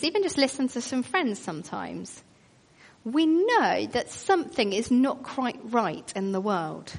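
A woman preaching a sermon, earnest and questioning, telling it like a story. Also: high voice. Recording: long reverb of a large hall.

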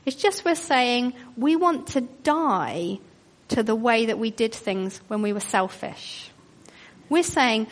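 Unhurried woman preaching in a reverberant hall. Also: on the high side, lively intonation. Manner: earnest, questioning, storytelling delivery. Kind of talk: sermon. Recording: long reverb of a large hall.

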